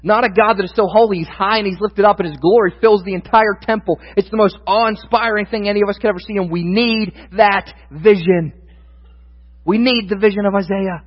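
A man's voice: high-pitched, brisk. A male pastor preaching a sermon, candid and thinking aloud at times, then building to emphatic proclamation. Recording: dull sound with long hall reverb.

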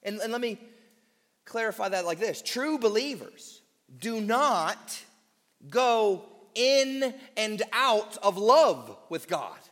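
A man preaching a sermon to his church, emphatic and deliberate, slowing on key words with quick asides. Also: sits high, very animated, a bit bright, in a large hall. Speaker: pastor.

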